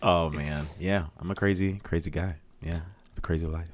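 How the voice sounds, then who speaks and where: Animated Jamaican-accented man telling stories. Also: low voice, normal speed, slight background noise. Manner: animated storyteller who slips into voices. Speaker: podcast guest. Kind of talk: casual chat.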